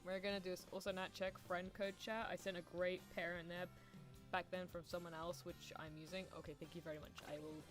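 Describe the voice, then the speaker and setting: A woman streaming a racing game, chatting casually with viewers and cheering on her runners with excitement. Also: fairly low pitch, a little fast, music in the background.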